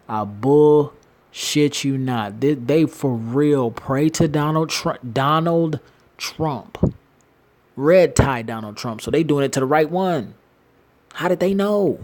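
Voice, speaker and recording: Man, casual rambling rant with frequent laughs and restarts, slangy, recorded on a phone. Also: medium pitch. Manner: animated, slangy, laughs often, restarts sentences. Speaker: commentator. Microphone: phone screen-recorder app.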